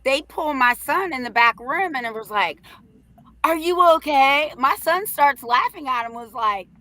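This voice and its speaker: Brash, bright-voiced storytelling woman. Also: high-pitched, moderate pace. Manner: brash and profane, animated storytelling with acted quotes. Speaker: live show co-host. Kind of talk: casual storytelling chat.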